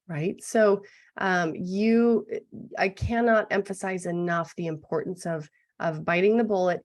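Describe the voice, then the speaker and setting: A middle-aged woman with a gruff, hoarse voice explaining business legal basics in an online masterclass, often checking in with "right?". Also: mid-range voice, darkish tone. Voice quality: gravelly. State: gruff, throat-clearing voice. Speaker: business lawyer presenting a masterclass.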